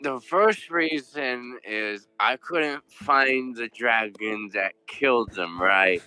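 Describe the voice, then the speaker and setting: A man's voice: mid-range voice, slow, sharp tone, smooth, no echo, soft background music. A man doing a drunk, swearing paladin. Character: drunk young male paladin, scared and rambling.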